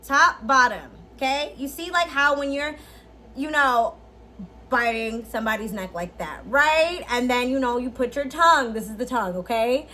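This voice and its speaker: High-voiced, lively young woman vlogger. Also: normal speed, a little hiss or hum. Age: 20s. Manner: animated, slangy, chatty, laughs often. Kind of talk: casual tutorial chat.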